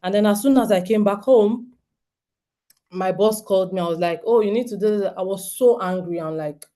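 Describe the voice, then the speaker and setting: A Nigerian woman in her thirties talks to homeschooling parents, earnest and straightforward, repeatedly turning to them with questions. Her voice is medium in pitch with a dark tone, and she moves at a moderate pace.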